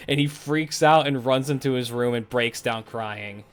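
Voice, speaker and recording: A man's voice: mid-range voice, fairly even intonation, moderate pace, hardly any pauses, clean tone. Profane rambling male streamer. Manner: profane, laughing, rambling with restarts. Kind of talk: casual storytelling on a live stream.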